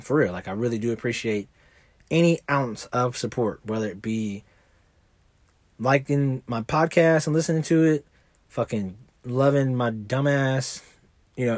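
A man's voice: medium pitch, no room sound. A man hosting a podcast, rambling in casual chat and swearing freely. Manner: rambling, profane, laid-back. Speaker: podcast host. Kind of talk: casual monologue.

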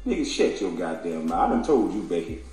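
A man's voice: sits low, big pitch swings, brisk, darkish tone. A man delivering a profane, heated rant, taunting and mocking his targets and laughing between insults. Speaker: commentator. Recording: very echoey room with faint music.

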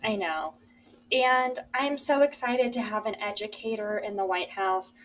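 A young woman co-hosting a podcast in casual chat, earnest and enthusiastic, often saying how excited she is. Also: mid-range voice, unhurried, a little hiss or hum, rough recording. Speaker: podcast co-host.

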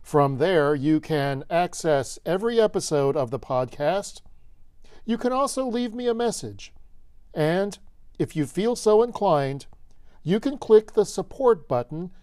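Male host for a scripted podcast, lively up-and-down delivery, dry booth sound. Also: high voice, unhurried, no room sound. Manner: storytelling with lively, animated delivery.

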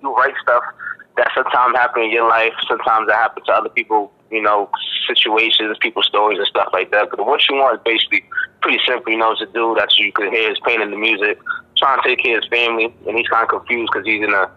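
Fast-talking laid-back rapper from Boston. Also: male voice, lowish voice, steady tone. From Boston, Massachusetts. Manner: laid-back slangy talk with many fillers and "you dig". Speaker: rapper, interview guest. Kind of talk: casual interview chat. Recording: dull lo-fi line.

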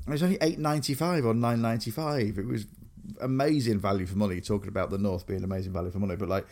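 A man's voice: mid-range voice, darkish tone. A young man from Grimsby, England, co-hosting a casual chat, rambling with lots of fillers and restarts. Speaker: podcast co-host.

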